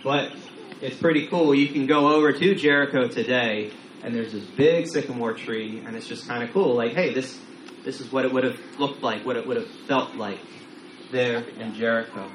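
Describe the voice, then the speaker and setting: A man's voice: mid-range voice, moderate pace. A man preaching a casual sermon as pastor, talking conversationally with frequent repeated words and acted-out quotes. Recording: roomy echo, faint room noise.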